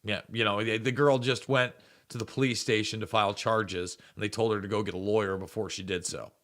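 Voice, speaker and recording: A man's voice: on the low side, fairly even intonation, brisk, a bit bright. A man hosting a political commentary show, rambling and sarcastic, often stumbling and repeating words. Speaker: host.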